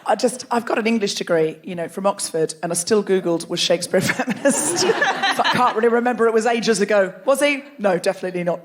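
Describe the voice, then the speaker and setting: A woman's voice: medium pitch, animated, fast talker, hardly any pauses. A woman hosting a live comedy podcast on a theatre stage, bubbly and teasing, laughing as she banters with guests. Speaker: host.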